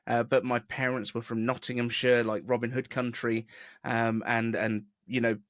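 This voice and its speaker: A man's voice: medium pitch, level tone, normal speed, fairly bright tone, dry recording. Male podcast host, neutral English accent, chatty and rambling, dry close sound. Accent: neutral southern English. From southeast England. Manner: chatty, rambling, self-deprecating. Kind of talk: casual podcast chat. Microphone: video call.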